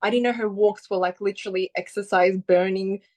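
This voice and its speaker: A woman's voice: medium pitch, steady tone, a little fast, darkish tone. A woman, a podcast guest, telling her personal story in a rambling way full of "like" fillers and acted-out quotes. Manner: rambling, frequent "like" fillers, acts out quoted voices.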